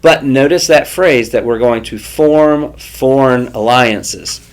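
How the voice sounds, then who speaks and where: A man's voice: medium pitch, takes it slowly. A man co-hosting a casual history podcast, chatty and playful, thinking aloud as he talks. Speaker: podcast co-host.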